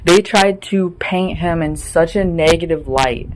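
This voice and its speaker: A man's voice: fairly high pitch, measured pace, a little hiss or hum, low-quality recording. Heated, profane man ranting. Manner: heated, profane, emphatic and repetitive. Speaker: vlogger. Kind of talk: ranting monologue to camera. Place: indoor room.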